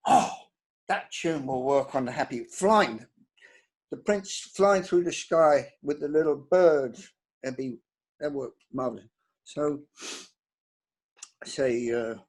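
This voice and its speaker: An older man, a composer, telling career anecdotes in an interview with a halting, restarting delivery. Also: on the high side, husky. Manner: halting, restarts words often, lively storytelling.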